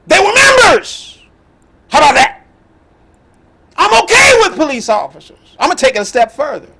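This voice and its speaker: A middle-aged man telling a personal story as the host, animated and emphatic. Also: very high voice, a little fast, gravelly. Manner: animated, emphatic, with laughs and outbursts.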